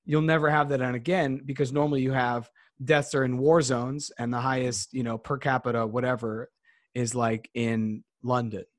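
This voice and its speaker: A man's voice: mid-range voice, flat delivery, normal speed, no room sound, studio quality. A man in his thirties hosting a casual chat, rambling and thinking aloud as he talks. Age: 30s.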